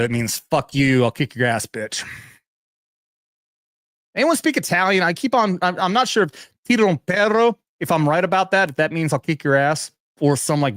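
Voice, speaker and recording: A man's voice: mid-range voice, a bit bright, no echo, studio quality. A young adult man, a veteran hosting a show, ranting casually with constant swearing and frequent laughter. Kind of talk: casual profane commentary rant.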